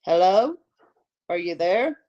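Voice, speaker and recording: A woman voicing a guarded male wildlife biologist who answers smoothly and probes with questions. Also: on the low side, very animated, slow, dark tone, lo-fi sound. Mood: guarded, probing.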